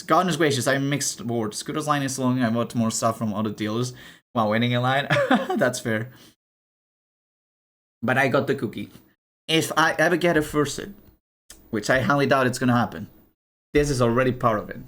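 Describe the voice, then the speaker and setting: A young man chatting casually on a live stream, animated and chatty, swearing and laughing as he shows off items. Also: mid-range voice.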